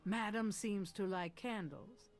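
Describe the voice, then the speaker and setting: A woman giving calm, measured scripted narration of the scenes in a mystery adventure game. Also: mid-range voice, faint music behind, lightly acted.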